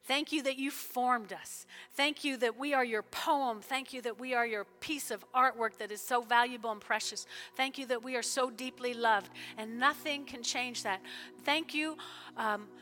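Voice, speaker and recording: A woman pastor preaching in a church service, fervent, with sudden loud bursts and soft prayerful stretches. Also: on the high side, normal speed. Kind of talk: sermon with altar call prayer.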